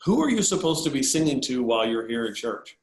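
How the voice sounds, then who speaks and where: A man retelling a calm, probing pastor. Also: mid-range voice, quick pace, roomy sound, lightly acted. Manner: calm questioning. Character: calm, cool adult male pastor, gently probing.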